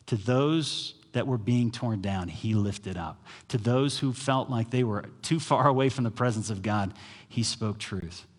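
A man's voice: fairly low pitch, breathy edge, long reverb tail. A man preaching a sermon as pastor, telling stories and acting out the voices of the people in them. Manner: storytelling preacher, acts out quoted voices.

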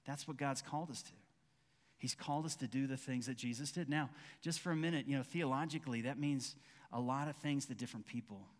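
A man's voice: mid-range voice, fairly quick, long reverb tail. A man preaching a conversational sermon as pastor, acting out quoted dialogue with frequent restarts.

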